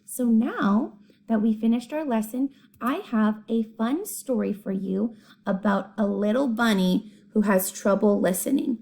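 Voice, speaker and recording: A woman teacher gently giving a class instructions before story time. Her voice is gravelly and mellow, pitched a bit high. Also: unhurried.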